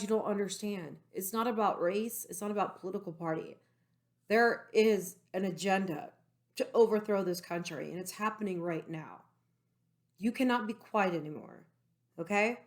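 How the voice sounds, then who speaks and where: An excited woman vlogging from her room at home, rambling to her viewers in a casual, unscripted stream of thought. She trails off into asides and leans heavily on fillers as she talks. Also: medium pitch. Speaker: political vlogger. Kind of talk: casual monologue to camera.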